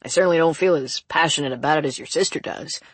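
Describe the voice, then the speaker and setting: Relaxed, modest male prison guard, voiced by a husky-toned woman, close and dry. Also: deep voice, fast, no echo. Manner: relaxed, self-effacing.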